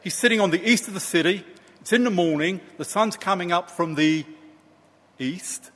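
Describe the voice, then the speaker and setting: A man preaching a sermon, slow and emphatic with dramatic pauses. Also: high-pitched, a bit bright, in a large hall.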